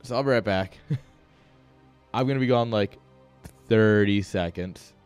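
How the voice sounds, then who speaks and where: A man's voice: fairly low pitch, takes it slowly, darkish tone, clear, resonant tone, faint music behind. A young man casting a live game with hyped, joking play-by-play, talking straight to his viewers. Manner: hype, joking, talks straight to chat. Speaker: esports caster.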